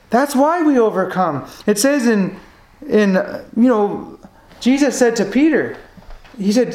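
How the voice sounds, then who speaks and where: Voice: mid-range voice, a little mellow. Earnest preacher in an echoey room. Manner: earnest, building emphatic repetition; reads scripture slowly and deliberately. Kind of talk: sermon. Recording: roomy echo.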